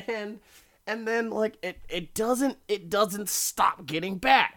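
An unhurried host picks apart a TV episode in a loose spoken monologue. The talk is full of swearing and exasperated groans. It stumbles through restarts and breaks into laughter. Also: medium pitch, animated, sharp tone. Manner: halting, with many restarts. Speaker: show reviewer. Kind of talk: casual monologue review.

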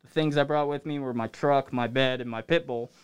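Smooth-voiced man telling loose stories. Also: mid-range voice, fairly even intonation, brisk. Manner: loose, rambling storytelling. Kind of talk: casual chat.

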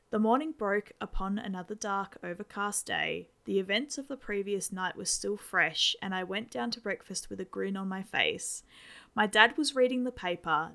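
A woman narrating a scripted spooky story in a measured, descriptive way. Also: medium pitch, gravelly, a bit bright.

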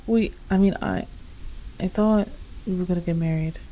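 A woman voicing a heartbroken young woman who speaks haltingly and tearfully in a fanfic reading. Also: fairly low pitch, dark tone, natural voice, rough recording. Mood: hurt.

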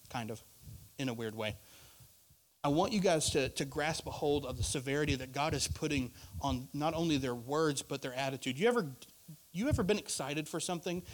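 A male pastor preaching a sermon in a conversational way, rising to loud emphasis and dropping to quiet asides. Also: on the high side.

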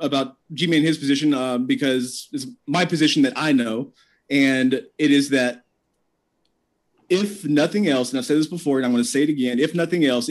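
A man's voice: mid-range voice, darkish tone. A young man in an online debate, wry and stammering a little as he restarts his sentences.

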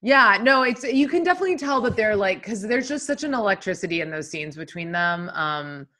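A woman's voice: medium pitch, lively intonation, brisk, pushed and bright. A young adult woman co-hosting a podcast, gushing in casual film chat, full of fillers. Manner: gushing, filler-heavy, laughs easily. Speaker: podcast co-host.

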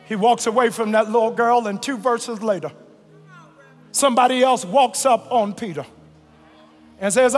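A man pastor preaching a fervent sermon, stretching and shouting phrases and calling on the congregation to answer. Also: very high-pitched, moderate pace, faint music behind. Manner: colloquial, calls on the congregation to respond. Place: large church sanctuary. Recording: reverberant large hall, live church recording.

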